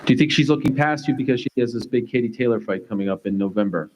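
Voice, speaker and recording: A man's voice: mid-range voice, noisy background. A man moderating a fight press conference, asking questions with lots of fillers. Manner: fast, filler-heavy questioning.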